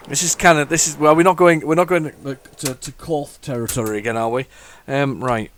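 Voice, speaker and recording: A man's voice: a little high, fairly even intonation, brisk, hardly any pauses, fairly bright tone, a little hiss or hum. A man hosting a retro computing video, talking casually as he goes, rambling and restarting often, with wry self-mocking asides. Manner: rambling, thinks aloud, frequent restarts. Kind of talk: casual running commentary.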